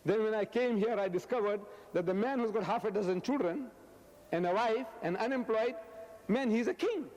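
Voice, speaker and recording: A man in his seventies giving a religious lecture, loud and forceful, his pitch jumping high when he gets animated. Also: normal speed. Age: 70s. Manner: loud, forceful, booming delivery; pitch swings sharply upward when animated. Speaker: Islamic lecturer. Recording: long hall reverb.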